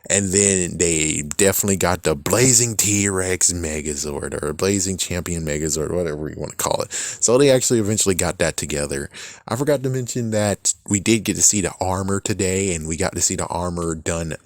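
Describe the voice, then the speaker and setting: Young male reviewer, lower pitch, excitable and profane, dry close-mic sound. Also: no echo. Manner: animated, swears a lot, laughs often. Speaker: show reviewer. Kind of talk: casual episode review commentary.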